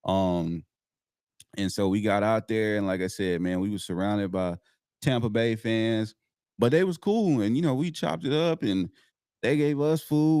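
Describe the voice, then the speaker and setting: A man co-hosting a live podcast, telling stories in a relaxed, slangy way with lots of repeats. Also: on the low side, smooth, no echo, clean studio sound. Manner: laid-back slangy storytelling, lots of "like" and repeats. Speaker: podcast co-host. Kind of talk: casual live-stream chat.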